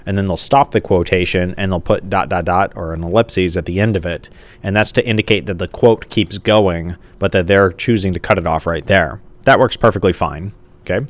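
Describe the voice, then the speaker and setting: A male teacher with a low voice speaks at a normal speed in a recorded grammar lesson, writing on a page as he talks. His manner is casual, with plenty of "like" and frequent "okay?" check-ins with the class. A camera mic picks him up.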